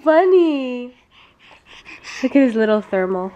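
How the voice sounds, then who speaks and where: A woman's voice: on the high side, measured pace, pauses often, highs cut off, slight background noise. A young woman chatting casually at home in a vlog, easygoing and chatty, talking to her babies now and then. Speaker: mother vlogger.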